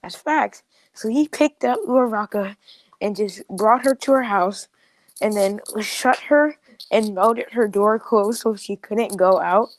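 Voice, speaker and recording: A woman's voice: medium pitch, a little slow, dry recording, poor audio. A young woman casually improvising a fan story, chatty and correcting herself as she goes.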